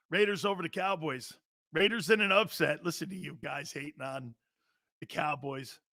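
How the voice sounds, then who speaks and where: A man's voice: a little high, moderate pace, gravelly, bright, forceful tone, no room sound, studio quality. A middle-aged man hosting a sports talk show, blunt and profane, joking with his chat. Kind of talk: loud, brash sports talk.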